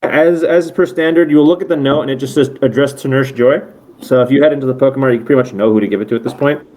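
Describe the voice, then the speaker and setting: A man's voice: mid-range voice, fast, darkish tone. A man narrating as game master over an online call, casual and rambling, often correcting himself.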